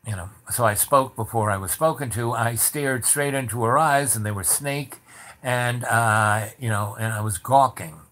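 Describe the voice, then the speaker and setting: A man telling a long anecdote in a loose, rambling way, with many fillers and restarts and lively bits where he acts out the people in it. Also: mid-range voice, moderate pace. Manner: animated, acts out the voices of people in the story. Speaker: storyteller. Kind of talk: casual spoken anecdote.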